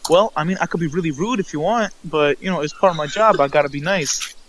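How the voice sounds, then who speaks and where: A tough, flirty half-elf woman lounging at a tavern bar, played by a man at the table. She talks in a teasing, laid-back drawl, pitched a little high. Faint outdoor noise hums behind her. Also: fast, fairly bright tone, natural voice, poor audio.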